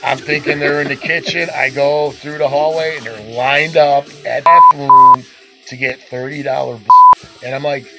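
A man's voice: fairly high pitch, huge pitch swings, moderate pace, creaky, loud music behind the voice, poor audio. A man casually telling a crude party story on a podcast, swearing and laughing as he goes. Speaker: podcast co-host.

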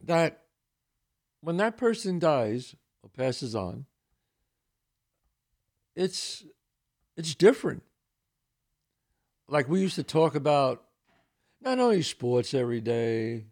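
An older man with a Bronx New York accent, telling stories as a podcast host and acting out the voices of people he quotes. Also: medium pitch. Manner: animated storyteller who acts out quoted voices. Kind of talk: casual storytelling.

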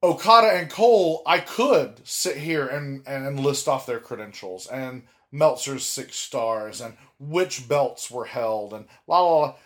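A podcast co-host with a medium-pitched voice talks animatedly on a casual wrestling podcast, drawing out words for emphasis and restarting often.

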